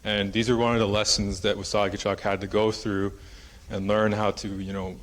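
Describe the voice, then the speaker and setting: At a moderate pace and in a flat, lowish voice, a man tells a traditional story to a conference hall audience. His talk is casual and rambling, with many fillers throughout.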